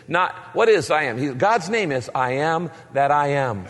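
A man's voice: a little high, expressive, normal speed, a bit bright. A man preaching a sermon as pastor, emphatic and fond of repeated rhetorical questions. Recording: long reverb of a large hall.

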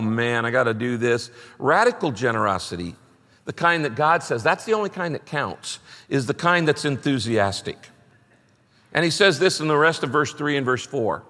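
A man's voice: a little high, a bit bright, long reverb tail. A middle-aged man preaching a sermon, emphatic and repeating his key phrases as he reads scripture aloud. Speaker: pastor.

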